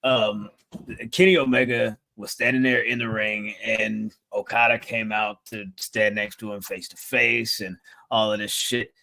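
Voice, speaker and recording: A man's voice: lowish voice, little pitch movement, measured pace, vocal fry, pushed and bright. A man co-hosting a podcast, casually and profanely recapping wrestling news with mocking impressions. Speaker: podcast co-host.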